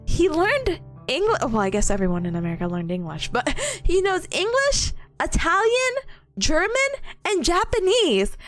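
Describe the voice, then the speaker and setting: A young woman streamer chatting casually with her viewers, telling stories in a bubbly, giggly way and acting out excited quotes. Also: sits high.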